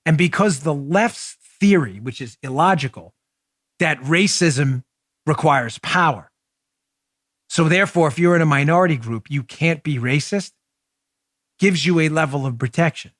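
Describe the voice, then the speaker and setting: A man hosting a political talk show, delivering animated, mocking commentary with big swings in his voice. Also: a little high, moderate pace, no room sound, clean studio sound. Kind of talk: opinionated commentary.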